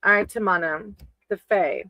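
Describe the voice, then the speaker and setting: A woman reads tarot for her viewers in a chatty, affectionate way. She calls them sweetie and baby as she works through names on her list. Her voice is bright and sharp, recorded dry and close. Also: mid-range voice, moderate pace, no echo, rough recording. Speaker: tarot reader on a live stream. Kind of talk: casual live-stream tarot reading.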